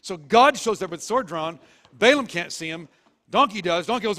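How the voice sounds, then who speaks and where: Lively storytelling pastor in a church hall. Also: male voice, high voice, moderate pace. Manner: animated storytelling, jokey. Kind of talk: sermon. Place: church auditorium. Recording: long reverb of a church hall.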